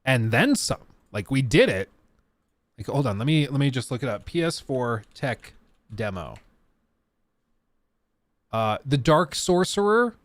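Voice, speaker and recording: A man giving casual livestream commentary on a game demo, animated and joking with laughing asides. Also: medium pitch, a little slow, long pauses, no echo. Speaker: streamer reacting to a game demo.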